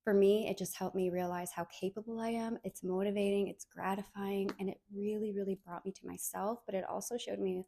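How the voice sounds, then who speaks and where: A woman's voice: mid-range voice, steady tone, fairly quick, gravelly, hardly any pauses, warm tone. A woman in her thirties hosting a solo podcast, talking in an earnest, heartfelt way and repeating words for emphasis. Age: 30s. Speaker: podcast host.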